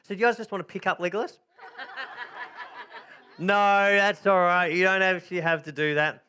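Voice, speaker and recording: A man's voice: high-pitched, fairly even intonation, moderate pace, sharp tone, slight background noise. A man preaching a sermon, jokey and chatty, cheerfully directing volunteers through a story. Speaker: pastor. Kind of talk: sermon with playful reenactment.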